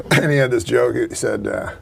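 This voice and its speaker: Gravelly deadpan man chatting. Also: mid-range voice, a little hiss or hum. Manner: dry, deadpan delivery with frequent chuckles. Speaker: host. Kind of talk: casual chat.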